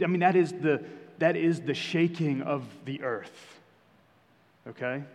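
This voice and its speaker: A young adult man preaching a sermon as pastor, conversational with emphatic rises. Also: fairly high pitch. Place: church sanctuary. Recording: long hall reverb.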